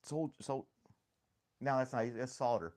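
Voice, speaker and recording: A man's voice: mid-range voice, a little slow, darkish tone. A man hosting a casual livestream chat, rambling and joking, laughing often at himself. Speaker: host.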